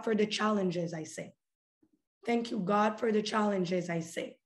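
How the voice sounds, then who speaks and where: Woman podcast host, motivational chat, playful and animated, high-ish voice, echoey room. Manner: animated, playful, addresses listeners as guys and family. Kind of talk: casual motivational talk.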